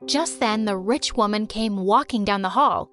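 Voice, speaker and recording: A young adult woman narrating a dramatic first-person storytime, lively and expressive. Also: mid-range voice, moderate pace, soft background music.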